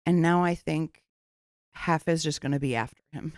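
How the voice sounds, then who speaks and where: A young woman with a smooth, low voice, chatting playfully as a podcast host, laughing and swearing as she goes. Recorded close and dry on a studio mic. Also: normal speed, no echo. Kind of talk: casual chat.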